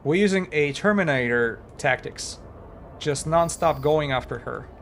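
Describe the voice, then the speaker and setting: A man casually talking while he streams a game, halting and chatty, with many fillers and restarts. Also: a little high, animated, creaky, a bit bright, soft background music. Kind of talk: casual live-stream commentary.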